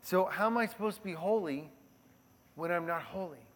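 A male pastor giving a sermon in a conversational, animated way, often checking in with the congregation. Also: high voice, normal speed. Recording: long hall reverb.

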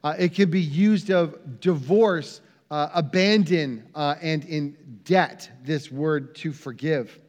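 Male preacher, high voice, sermon delivery with long hall reverb. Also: darkish tone. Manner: tells a joke story, then teaches with measured emphasis.

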